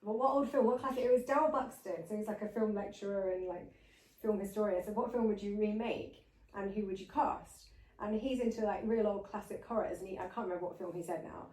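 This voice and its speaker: A woman's voice: mid-range voice, brisk, darkish tone. Woman host chatting away on her podcast, laughs a lot, sounds a bit far off, roomy echo. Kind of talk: casual interview chat.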